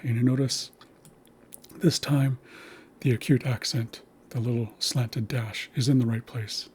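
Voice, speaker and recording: A man giving a recorded language lesson, patiently explaining and slowly repeating consonant sounds. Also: medium pitch, dark tone, a little hiss or hum. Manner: patient, slow demonstrations of sounds. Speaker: language teacher.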